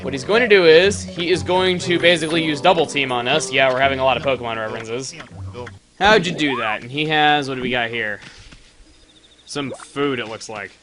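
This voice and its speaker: A man giving casual, joking commentary over his gameplay, breaking into loud excited exclamations. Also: mid-range voice, fairly quick. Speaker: let's play commentator. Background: game music.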